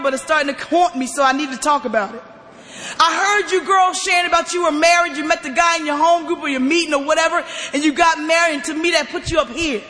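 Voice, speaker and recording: An emphatic woman tells her own story to a recovery meeting. Her forceful voice often rises close to a shout. The sound carries long reverb, as if from a large hall. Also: sits high. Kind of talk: personal testimony share.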